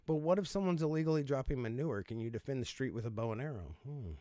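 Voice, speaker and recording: Male host, wry profane riffing, laughs often, average pitch, dry booth sound. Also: lively intonation, fast talker, dark tone, no room sound. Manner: sarcastic, profane, laughing asides, mock voices. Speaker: host reacting to odd laws. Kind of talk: casual comedic commentary.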